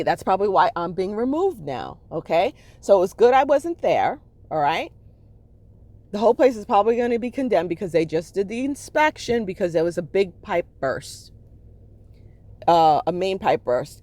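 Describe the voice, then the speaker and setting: A woman's voice: lowish voice, no room sound. A middle-aged woman talking candidly in a rambling vlog, checking in with her listeners as she goes. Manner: emotional, swings between laughter and sadness. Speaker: spiritual vlogger. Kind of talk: casual personal vlog monologue.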